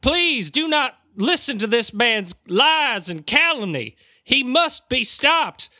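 A man's voice: very animated, slow, sharp tone, no echo, studio quality, full character voice. A man playing a pompous fake deacon who preaches grandly to a church crowd. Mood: grandiose. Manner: booming, grandiose, theatrical. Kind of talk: improvised tabletop role-play.

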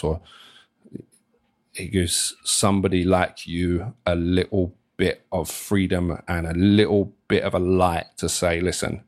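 A man's voice: deep voice, dry recording, studio quality. A young man hosting a solo podcast, rambling casually, swearing freely and often restarting his sentences. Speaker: podcast host.

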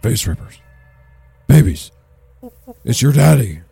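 A man playing a bumbling, self-important townsman under hypnosis, who talks in a rambling, excitable, panicky way. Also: medium pitch, slow, gravelly, slightly rough, no room sound, faint music behind, full character voice.

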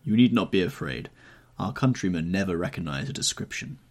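A man voicing a languid aristocratic gentleman who drawls out witty paradoxes in an audiobook reading. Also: deep voice, animated, brisk. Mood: wry.

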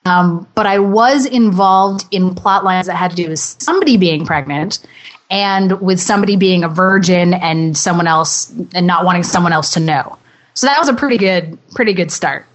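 A woman, a guest actress, chatting cheerfully in an interview and babbling on in a bubbly, self-mocking way. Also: lowish voice. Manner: cheerful, babbling, quick to laugh. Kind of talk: casual interview chat.

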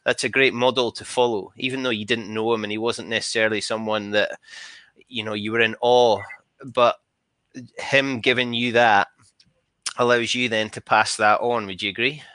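A man's voice: mid-range voice, steady tone, normal speed, bright, forceful tone, dry recording. A man hosting an interview, summing up and asking reflective questions. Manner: reflective, asks long framing questions. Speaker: interviewer host. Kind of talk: casual interview.

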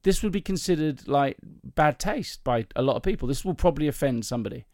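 A man's voice: on the high side, animated, brisk, a little mellow, no echo. Chatty man, dry close sound. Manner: chatty, rambling, laughs often. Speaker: podcast host. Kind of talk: casual chat, joke telling.

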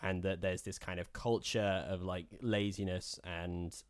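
Podcast co-host, male, low-pitched, sardonic casual talker, dry studio sound. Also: flat delivery, unhurried, no echo. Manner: sardonic, rambling with restarts. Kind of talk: casual political chat.

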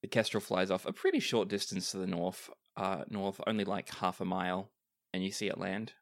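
A man's voice: low-pitched, expressive, brisk, gravelly, no echo, clean studio sound. A man narrating as game master of a tabletop game, easygoing, with plenty of fillers.

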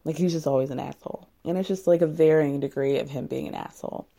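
Young woman ranting about a dating show, snarky and blunt, lowish warm voice. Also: quick pace, gravelly, no echo. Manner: sarcastic, blunt, swears freely. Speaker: podcast host recapping a reality show. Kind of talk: casual chatty recap.

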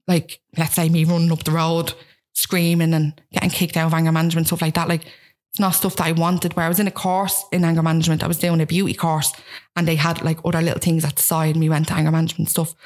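Fast-talking Dublin woman, frank and self-mocking. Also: deep voice, little pitch movement, darkish tone. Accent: Dublin Irish. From Ireland. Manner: rapid, frank, self-mocking, acts out quotes. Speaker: guest. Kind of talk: candid personal storytelling.

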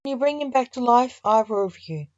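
A woman's voice: fairly high pitch, animated, fairly quick, no room sound, highs cut off, voice pushed up, natural voice. A woman reading the lines of a curious young man who asks eager, anxious questions.

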